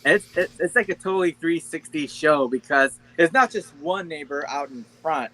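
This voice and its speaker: A man's voice: fairly high pitch, normal speed, sharp tone, poor audio. A man joining a casual live stream chat and explaining things eagerly.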